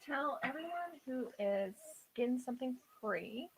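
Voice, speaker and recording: A woman's voice: sits high, animated, moderate pace, background noise. A woman hosting a craft livestream, chiming in with short, prompting remarks in casual chat.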